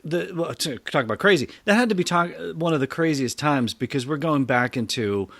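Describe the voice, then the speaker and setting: A man's voice: a little high, lively intonation, brisk, fairly bright tone, no room sound. A man hosting a podcast interview, asking enthusiastic, meandering questions. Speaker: podcast host. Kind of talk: casual interview.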